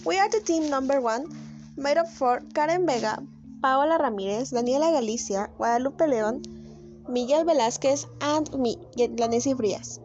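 Young student girl reading a fairy tale, high voice, spanish first language, loud music behind. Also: normal speed, muffled recording. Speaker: student reader. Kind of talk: reading a story aloud.

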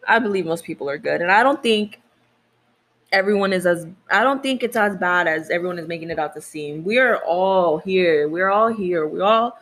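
A woman's voice: on the low side, moderate pace, a bit bright. A woman co-hosting a casual podcast, outspoken and swearing freely, from the United States. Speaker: podcast co-host. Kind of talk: casual chat.

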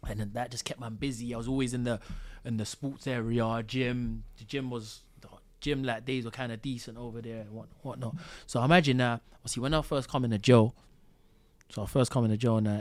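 A man, a podcast guest telling a story in casual, slang-heavy chat and acting out the quotes. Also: medium pitch.

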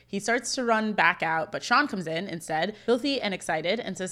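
A woman co-hosting a nostalgia podcast, walking through a sitcom scene and reading the lines aloud with storyteller flair. Her voice sits at an ordinary middle pitch for a woman. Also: moderate pace, few pauses. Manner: reads script lines aloud in an animated storytelling way. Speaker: podcast co-host recapping episodes. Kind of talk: casual chat and scene recap.

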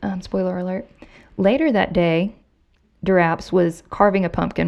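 A woman's voice: lowish voice, steady tone, normal speed, vocal fry, a little mellow, muffled recording. A woman hosting a podcast, casually recounting a true crime case to her co-host and reading quotes with emphasis. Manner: conversational, reads quotes with emphasis.

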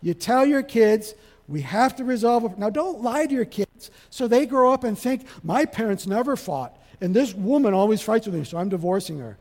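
A man preaching a sermon, animated, acting out little dialogues and swinging from loud to soft. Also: sits high, moderate pace. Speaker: pastor. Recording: long hall reverb.

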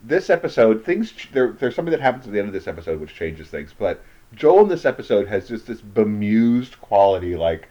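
Chatty male co-host, expressive pitch, recorded on slightly muffled podcast audio. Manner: chatty, quick, laughs easily. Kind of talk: casual chat recapping a TV episode. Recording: slightly dull lo-fi podcast sound.

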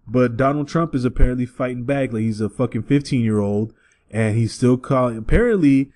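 A man co-hosting a podcast in casual, profane chat, animated and breaking into loud, high-pitched bits. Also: a little fast. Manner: animated, swings into shouted bits. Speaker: podcast co-host.

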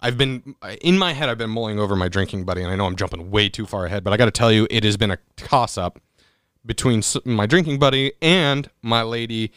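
A man chatting casually about a movie, animated and profane, often restarting his sentences. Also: fairly low pitch, quick pace, clean tone, no room sound, studio quality.

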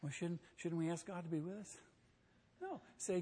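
A pastor preaching a sermon, emphatic, asking rhetorical questions and swinging between quiet and loud. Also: male voice, on the high side, huge pitch swings, fairly quick, breathy edge, long reverb tail.

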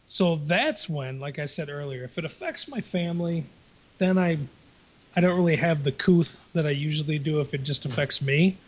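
A blunt man tells stories on a casual podcast and swears freely as he goes. His voice sits a bit high. The recording sounds dull and lo-fi. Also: animated, normal speed. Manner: blunt, profane storytelling. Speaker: podcast co-host. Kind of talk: casual chat.

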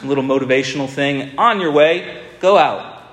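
A man's voice: medium pitch, fairly bright tone, close to an everyday voice. A man putting on a flippant, breezy voice for a stingy God who hands out only a little. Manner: flippant, quick and airy. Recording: echoey hall with long reverb.

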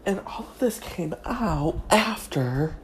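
A woman from Kentucky with a Kentucky Southern accent, hosting a crude, sassy comedic gossip monologue with drawn-out emphasis. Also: fairly low pitch, animated, a little hiss or hum. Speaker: celebrity gossip host.

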